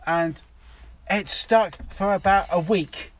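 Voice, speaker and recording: A man in loose podcast chat, circling around his point with false starts and the odd swear word. His voice sits a little high for a man. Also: takes it slowly. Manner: rambling, restarts, sweary. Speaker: podcast co-host. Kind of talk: casual chat.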